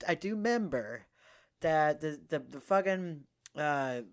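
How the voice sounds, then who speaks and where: Woman, podcast co-host, casual comedic chat, deadpan, dry asides, lower voice, lively pitch. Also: a little slow.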